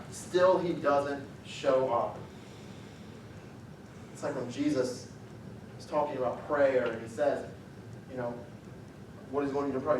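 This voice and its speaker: Animated preacher in an echoey church. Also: male voice, fairly high pitch, a little hiss or hum. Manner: animated, acts out the story with raised voice for quotes. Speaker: pastor. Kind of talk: sermon. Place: church sanctuary. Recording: echoey church sanctuary, mic at a distance.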